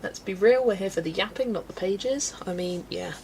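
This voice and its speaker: A woman's voice: medium pitch, moderate pace, creaky, darkish tone, a little hiss or hum, rough recording. A woman from England's West Country, chatting casually and laughing often as she reads out viewer comments while colouring on a livestream. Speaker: livestream host.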